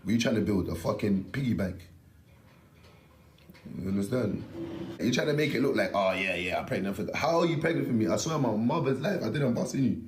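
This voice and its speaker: A man's voice: medium pitch, lively intonation, a little fast, long pauses, darkish tone, a little hiss or hum. Ranting young man, echoey. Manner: rambling, emphatic, swears, street slang. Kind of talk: casual ranting story.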